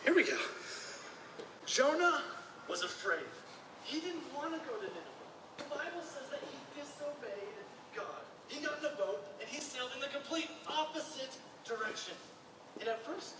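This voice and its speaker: A man's voice: lively intonation, moderate pace. A man telling a Bible story to children with dramatic suspense, recorded from a distance in an echoey room with noise behind. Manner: dramatic storytelling, drops low and soft for suspense. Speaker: storyteller in a teaching video.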